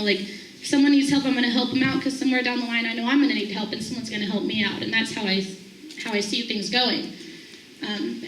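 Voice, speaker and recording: A young woman telling a group a personal story in a casual, animated way, acting out the voices of the people in it. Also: a little high, a little hiss or hum. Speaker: staff member sharing a morning thought. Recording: echoey room, voice from a distance.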